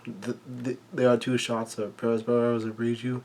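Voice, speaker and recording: A man casually recapping a manga chapter in halting, run-on sentences full of "and" and "uh" fillers. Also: mid-range voice, level tone, a little mellow, slight background noise.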